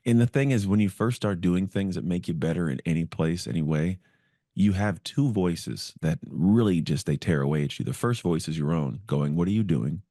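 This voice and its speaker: A man's voice: sits low, moderate pace, dark tone, no room sound, clean studio sound. A man as a podcast guest, telling his story in an earnest, reflective way and acting out the voices in his head. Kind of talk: storytelling interview.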